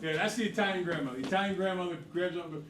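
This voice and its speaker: A man's voice: high-pitched, very fast, a bit bright, a little hiss or hum. A middle-aged man teaching a math class, chatty and jokey, quizzing the students. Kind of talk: classroom lesson. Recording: roomy, from far off.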